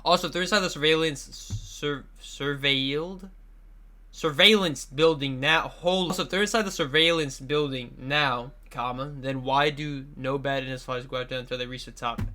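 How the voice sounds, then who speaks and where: A man's voice: mid-range voice, moderate pace, hardly any pauses, sharp tone. A man reacting casually to a video in a profane, rambling way.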